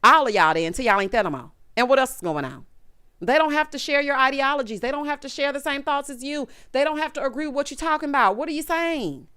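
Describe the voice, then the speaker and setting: In clean studio sound with no room noise, a woman with a slightly high, pushed, bright voice recaps reality TV. Casual, blunt, and sassy, she scolds the cast and calls viewers honey and baby.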